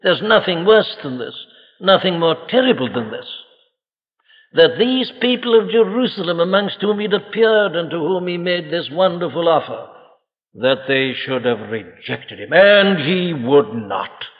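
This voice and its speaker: A man's voice: high-pitched, animated, normal speed. A man preaching a solemn, emphatic sermon to a congregation, asking rhetorical questions. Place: church congregation. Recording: lo-fi archive recording with long hall reverb.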